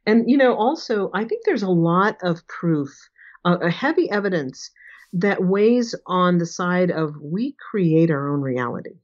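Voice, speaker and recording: A woman's voice: fairly low pitch, animated, measured pace. A woman in her sixties, a guest on an interview show, talking casually with frequent laughs and acted-out quotes. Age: 60s. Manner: chatty, laughs often, acts out quotes. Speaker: guest, remote viewing teacher. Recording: dull lo-fi audio.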